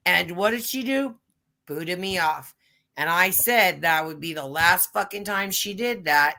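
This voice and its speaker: A woman's voice: fairly low pitch, lively intonation, unhurried, gravelly, pushed and bright. A woman hosting a casual livestream chat, telling rambling stories full of swearing. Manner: profane, rambling storytelling. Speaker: livestream host.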